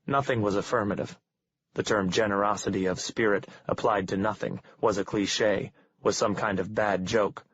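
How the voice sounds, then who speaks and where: A man with a husky voice giving a calm, cold, measured first-person reading of a novel. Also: lowish voice, no echo. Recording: dull lo-fi dry recording.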